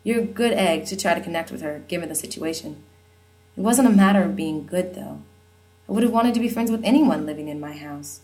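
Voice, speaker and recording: A woman's voice: on the low side, animated, a little fast, mellow, poor audio. Woman narrating an audiobook wryly. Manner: wry, conversational storytelling.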